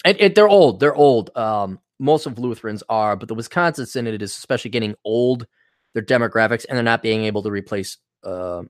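A man's voice: mid-range voice, expressive, fairly quick, no echo, clean studio sound. A man hosting a podcast in a casual, rambling monologue, irreverent and profane. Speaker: podcast host.

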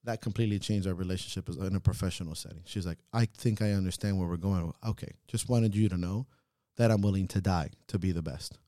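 A man co-hosting a podcast, talking in an earnest, reflective way that swings into loud, laughing rants. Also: deep voice, fast talker, few pauses, no room sound, studio quality. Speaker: podcast co-host. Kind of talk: casual reflective chat.

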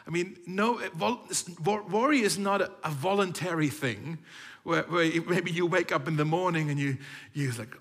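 A man's voice: on the high side, expressive, normal speed, a bit bright, breathy edge. A man preaching a sermon as a pastor, talking in a conversational way with playful asides and frequent restarts. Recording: long reverb of a hall.

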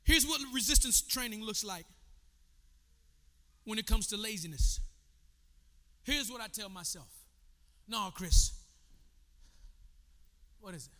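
A pastor preaching a sermon, swinging from low, conversational talk to shouted calls to the congregation. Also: male voice, animated, normal speed, long pauses, long reverb tail.

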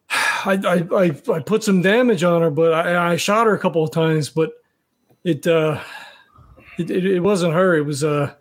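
Guy player, bit high voice, stumbles and restarts a lot. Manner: halting, hesitant speech. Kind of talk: tabletop game play.

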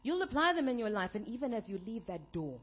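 Woman pastor, husky, upbeat storytelling sermon, slightly dull recording. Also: a little high, quick pace. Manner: animated storytelling with a playful humor. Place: church service.

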